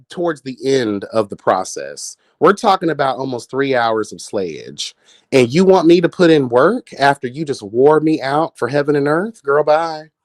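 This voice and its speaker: A man's voice: a little high, dry recording. Man in his late thirties, livestream host, sassy campy chat, dry close sound. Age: 30s. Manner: sassy, animated, campy exclamations. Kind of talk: casual chat with viewers.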